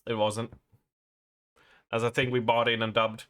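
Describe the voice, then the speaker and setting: A man's voice: medium pitch, level tone, unhurried, fairly bright tone. A man, chatting casually and rambling on a live stream, laughing and swearing as he goes. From Sweden.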